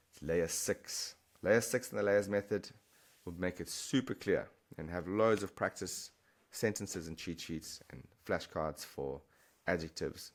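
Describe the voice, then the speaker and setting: A deep-voiced man explains word patterns in a relaxed, chatty teaching voice. He keeps checking in with the listener and restates points as he goes. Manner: chatty, encouraging, repeats and restarts while explaining. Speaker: Spanish teacher. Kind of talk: explaining vocabulary to camera.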